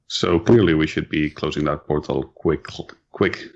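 A male player in a tabletop game who talks in a halting, casual way. His voice is very deep and comes through a dull, lo-fi mic. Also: vocal fry.

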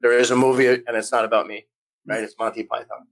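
A man's voice: mid-range voice, level tone, fast, creaky, rough recording. A man in his fifties from the United States, a podcast guest telling rambling stories, restarting sentences and acting out the voices he quotes. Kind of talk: casual storytelling interview.

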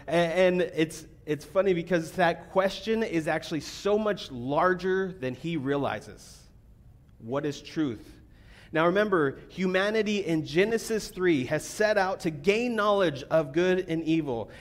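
A man giving a sermon as a pastor, talking casually with fillers and restarts, then reading scripture more quietly. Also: on the high side, expressive, a little slow. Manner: conversational preaching with fillers, reads scripture quietly.

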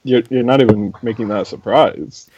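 A man's voice: medium pitch, fairly quick, darkish tone, breathy edge, no echo. A man co-hosting a podcast in casual chat, dry and skeptical. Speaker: podcast co-host. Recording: dull, lo-fi and dry.

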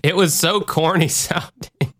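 A man co-hosting a podcast in casual, animated chat, often mimicking voices. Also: unhurried. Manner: animated, mimics voices with big jumps in pitch. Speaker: podcast co-host.

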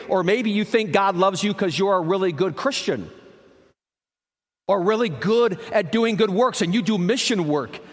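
A man preaching a sermon in a conversational way, asking rhetorical questions and dropping quiet for emphasis. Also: high-pitched. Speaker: pastor. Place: church. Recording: reverberant church hall.

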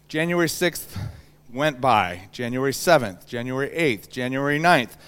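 A man in his thirties preaching a sermon, telling a personal story with lively acted-out voices. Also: medium pitch, measured pace, clear, resonant tone. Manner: animated storyteller, acts out voices. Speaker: pastor.

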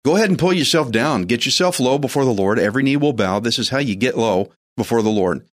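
A man's voice: medium pitch, animated, fast talker. A man hosting a faith program, preaching in an earnest, urging way and repeating his phrases. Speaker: host, preacher. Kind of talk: sermon-style radio devotional.

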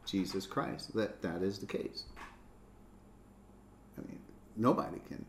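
A man's voice: fairly low pitch, a little mellow, roomy sound. A man preaching a sermon, stressing key words by rising and dropping his voice.

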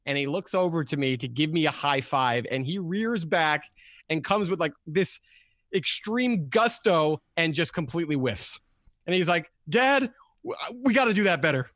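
A man co-hosting a sports podcast, telling animated stories and stumbling over repeated words. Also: on the high side, moderate pace, dry recording. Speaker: podcast co-host. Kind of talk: casual sports podcast chat.

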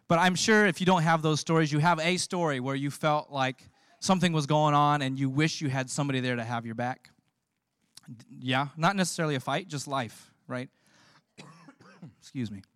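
A man preaching a sermon as the pastor, telling lively stories and laughing as he goes. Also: mid-range voice, clean tone, dry recording. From California. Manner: storytelling, animated, laughs often.

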